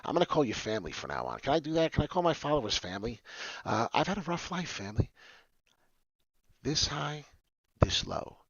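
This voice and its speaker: Male crypto-stream host, animated and rambling, mutters then shouts; lo-fi dry recording. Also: medium pitch, brisk, pauses often, slightly rough, no room sound. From New York. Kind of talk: casual livestream chat.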